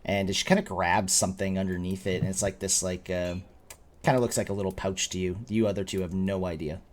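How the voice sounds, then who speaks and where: A man's voice: low-pitched, level tone, fairly quick, slight background noise. A man narrating as game master of a tabletop game, rambling with many fillers and frequent laughs.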